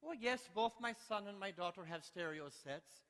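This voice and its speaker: A man's voice: high voice, expressive, moderate pace, fairly bright tone, in a large hall, pitched above the performer's own voice. A man putting on a chirpy Irish woman, naive and literal. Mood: innocent chirpy. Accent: put-on Irish. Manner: innocent, chirpy, takes everything literally. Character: naive literal-minded woman in divorce court.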